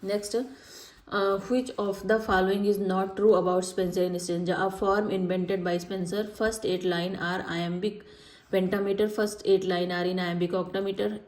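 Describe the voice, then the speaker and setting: A woman teacher reading exam questions and options aloud in a prep lecture, then repeating each answer slowly. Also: medium pitch, flat delivery, a little mellow, echoey room, rough recording.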